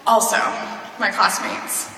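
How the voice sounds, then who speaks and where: Young woman, graduation speaker, bright emotional voice, recorded from far off in an echoey hall. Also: takes it slowly, slight background noise. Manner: tearful, warm, fighting back tears with nervous laughs. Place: large hall.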